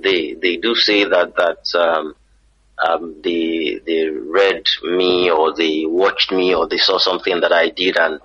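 A middle-aged man from Nigeria with a Nigerian accent, a guest on a radio interview, talking in a playful, teasing way and telling animated stories. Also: low voice, breathy edge. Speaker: guest, author and entertainer. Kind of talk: radio interview, joking banter. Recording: muffled radio broadcast.

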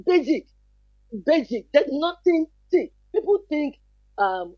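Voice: high voice, big pitch swings, slow pace, darkish tone, no room sound, lo-fi sound. A child protection advocate who gives earnest advice as a talk show guest, repeating key points and asking rhetorical questions.

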